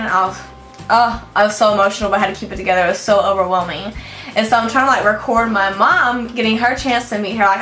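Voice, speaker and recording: A woman in her late twenties from Houston, a beauty vlogger gushing through an excited story and acting out the voices of the people in it. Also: mid-range voice, echoey room. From Houston, Texas. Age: 20s. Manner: gushing, animated, acts out voices in quotes.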